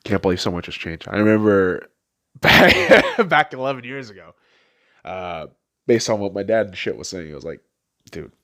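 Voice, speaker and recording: With a voice on the low side, a sharp tone, big pitch swings and a moderate pace, a late-twenties man hosts a podcast. The Las Vegas, USA, native is tearful, profane and repetitive as he delivers an emotional monologue about a personal memory.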